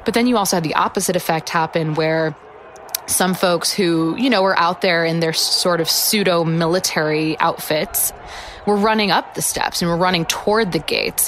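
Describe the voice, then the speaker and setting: A woman's voice: lowish voice, a bit bright, a little hiss or hum. A woman reporter recounting what she witnessed firsthand, in a reflective way. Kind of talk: eyewitness recollection.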